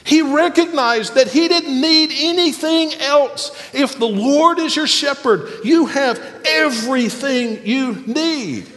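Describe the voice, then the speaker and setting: A man preaching a sermon as pastor, emphatic and animated, with pauses for effect. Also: very high voice, long reverb tail.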